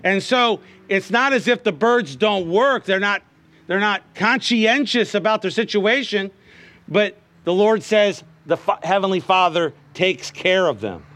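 A middle-aged male preacher with a high, bright voice, delivering a sermon. He tells homely stories and keeps checking in with the congregation. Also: lively intonation, measured pace. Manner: folksy storytelling, calls out "Amen?" to the congregation.

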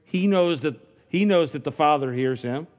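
A man's voice: fairly high pitch, moderate pace, darkish tone. A man preaching a sermon in a conversational way, with frequent restarts, building to fervent calls. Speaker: pastor.

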